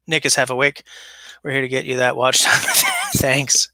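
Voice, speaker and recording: A man's voice: mid-range voice, wildly swooping pitch, moderate pace, vocal fry, sharp tone, no room sound. A man hosting a casual livestream, rambling and chatting while he reads viewer comments aloud. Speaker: livestream host. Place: basement. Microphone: smaller mic than his usual setup.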